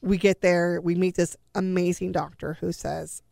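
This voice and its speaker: Gravelly-voiced mother telling a story. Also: lowish voice, fairly even intonation, normal speed, mellow, no room sound, clean studio sound. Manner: earnest, sighing, quoting family in dialogue. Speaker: guest recounting her daughter's illness. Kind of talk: emotional personal storytelling.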